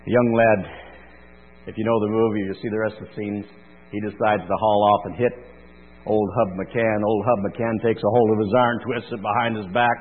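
A man's voice: fairly low pitch, little pitch movement, moderate pace, breathy edge. A male pastor preaching a sermon in a folksy, conversational storytelling manner. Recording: thin phone-like sound in a reverberant hall with mains hum.

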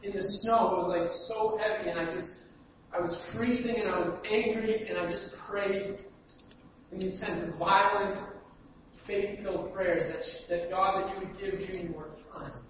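A male preacher giving an earnest sermon, stumbling over repeated words and swinging between loud stress and near-quiet. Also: sits high, steady tone, moderate pace. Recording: dull, echoey hall from far off, faint hiss.

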